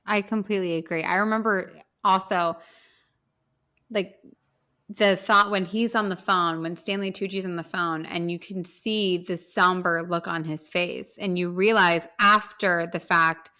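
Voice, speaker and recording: A woman co-hosting a casual movie podcast, talking eagerly and quickly with many "like" fillers. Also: on the low side, steady tone, pushed and bright. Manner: eager, fast, full of "like" fillers. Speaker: podcast co-host.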